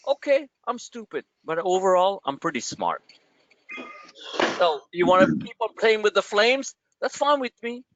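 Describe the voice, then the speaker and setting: A man hosting a livestream of market commentary, rambling and joking in an animated way. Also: high-pitched, moderate pace, no room sound, muffled recording. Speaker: trading channel host.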